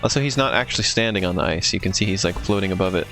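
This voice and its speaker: A man streaming a video game, thinking aloud and reacting quickly as he plays. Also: low-pitched, fairly bright tone, soft background music. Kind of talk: casual gameplay commentary.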